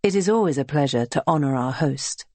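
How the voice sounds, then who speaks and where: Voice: medium pitch, lively intonation, fairly quick, darkish tone, no echo, natural voice. A young enslaved Greek woman answers carefully and politely, as a storybook reader voices her. The voice is barely acted. The sound is dry and close.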